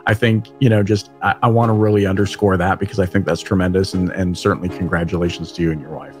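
A man's voice: low-pitched, level tone, fast, soft background music. A man from Canada hosting an interview, enthusiastic and full of praise for his guest. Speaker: podcast host. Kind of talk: casual interview talk.

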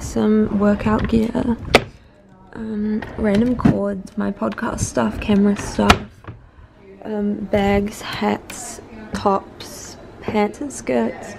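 A young woman in her twenties vlogging casually, gushing and swearing with excitement, at times tearful. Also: mid-range voice, drawn-out words, gravelly, noisy background. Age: young adult. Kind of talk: casual vlog.

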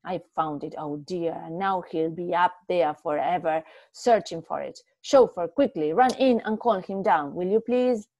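A woman voicing an anxious, hurried older wife who pleads in a raised, urgent voice. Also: fairly low pitch, mellow, no echo. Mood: anxious pleading.

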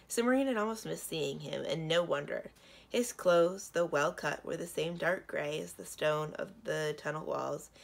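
A woman librarian reading a children's chapter book aloud, gentle and steady. Her voice is low and has a gravelly, creaky texture. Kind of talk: children's read-aloud narration.

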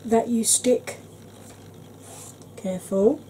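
A woman chatting gently through an ASMR makeup tutorial, calling viewers "darling". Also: on the high side, very slow, slight background noise. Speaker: beauty vlogger.

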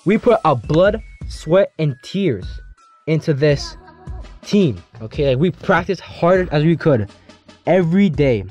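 Teenage guy, casual storytime, rambling and slangy, fairly high voice, mellow tone, faint music behind. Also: lively intonation, unhurried. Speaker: YouTuber telling a story. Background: faint background music.

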